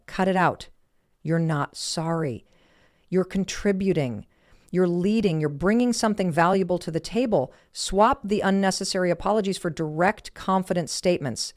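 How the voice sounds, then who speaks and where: A woman's voice: on the low side, expressive, moderate pace, no echo, studio quality. A woman delivering a motivational speech in emphatic, punchy short declarations. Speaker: motivational speaker.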